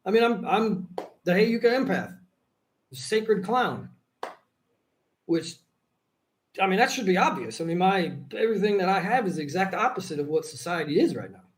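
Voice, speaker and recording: A man with a notably high speaking voice, chatting as a podcast guest. He rambles loosely, swears freely and keeps laughing in the middle of his sentences. The talk is casual and unscripted. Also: animated, moderate pace, long pauses, rough recording. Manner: rambling and profane, laughs often mid-sentence. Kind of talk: casual conversation.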